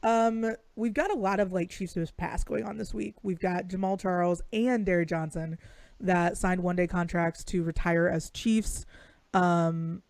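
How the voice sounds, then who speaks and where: A woman's voice: lowish voice, fairly even intonation, a little slow, darkish tone, no echo. A young woman co-hosting a casual sports chat stream, bubbly and laughing often, swearing freely. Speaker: podcast co-host.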